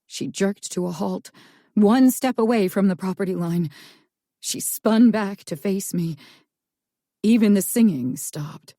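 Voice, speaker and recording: A woman narrating a first-person thriller audiobook in a slow, tense storytelling manner. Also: medium pitch, mellow, no room sound, studio quality.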